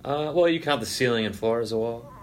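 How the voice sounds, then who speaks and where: A man's voice: medium pitch, fast talker, slight background noise. A young man hosting a casual sports podcast, joking and bantering with his co-hosts. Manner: jokey, banter-driven, rambling. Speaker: podcast host.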